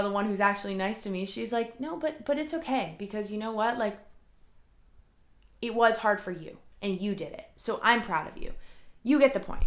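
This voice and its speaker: A woman's voice: medium pitch, a bit bright, reverberant. A woman hosting a solo motivational podcast from her room at home, talking earnestly and rambling, with lots of "like" fillers. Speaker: podcast host. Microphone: recorded alongside a camera.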